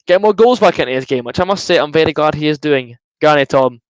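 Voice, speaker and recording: A man's voice: fairly high pitch, fast talker, no echo, dull audio. Young man chatting over a match. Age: young adult. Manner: chatty, reads out viewer comments, bursts into excited shouts at goals. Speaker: fan streamer hosting a live watchalong. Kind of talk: casual live commentary and chat.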